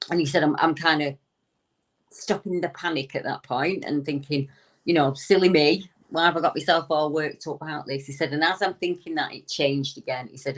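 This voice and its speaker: A woman with a deep, low-set voice tells a story as an interview guest. She relays a witness's account in a conversational way and slips into his quoted words to act them out. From United Kingdom. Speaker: guest recounting a witness's encounter.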